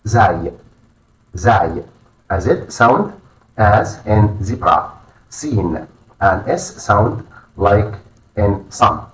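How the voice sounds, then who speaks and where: Slow, low-voiced man teaching letters. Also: expressive, a bit bright. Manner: slow, deliberate, repeats each letter name twice. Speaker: language teacher. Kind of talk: instructional lesson narration. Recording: echoey room, voice far from mic.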